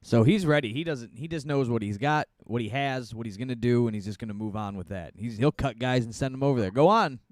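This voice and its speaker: A man's voice: mid-range voice, quick pace, hardly any pauses, darkish tone, no room sound, clean studio sound. A man co-hosting a podcast in casual chat, telling stories animatedly and laughing often. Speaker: podcast co-host.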